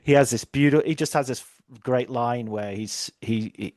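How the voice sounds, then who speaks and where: A man from England in a casual podcast chat about film, animated and quick to act out quoted lines. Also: mid-range voice, no echo, studio quality.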